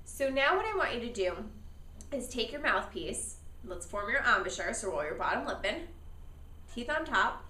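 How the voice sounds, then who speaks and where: A woman's voice: on the high side, big pitch swings, moderate pace, pushed and bright, far from the mic. A woman teaching a beginner saxophone lesson. She counts, models each step and has students echo after her, with patient, encouraging praise. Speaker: music teacher.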